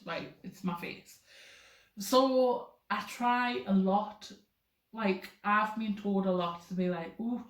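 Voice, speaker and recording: A young woman talking casually to camera, rambling with lots of fillers. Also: mid-range voice. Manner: rambling, filler-heavy, chatty. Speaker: vlogger. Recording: roomy echoey room.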